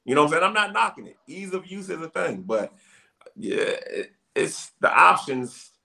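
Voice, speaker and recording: A man in a casual chat, explaining at length in an animated way. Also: fairly high pitch, normal speed, vocal fry. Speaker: podcast co-host.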